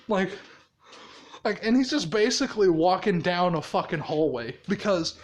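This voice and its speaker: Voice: mid-range voice, expressive, moderate pace. A storyteller improvising a story in a casual way, laughing often and swearing heavily.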